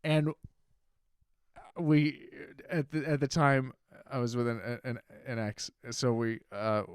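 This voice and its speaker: A man's voice: medium pitch, takes it slowly, clean tone, no room sound, clean studio sound. A man telling stories in casual podcast chat, often acting out the voices of people in them. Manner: animated storyteller, acts out other voices. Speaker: podcast co-host.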